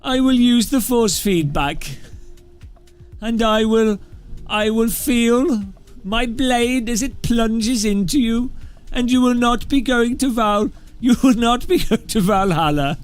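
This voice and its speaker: A man voicing a boastful male Viking warrior with a Birmingham accent, declaiming slowly and solemnly. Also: very high voice, clean tone, faint music behind, voice pushed up. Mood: menacing. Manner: slow, solemn, theatrical declaiming.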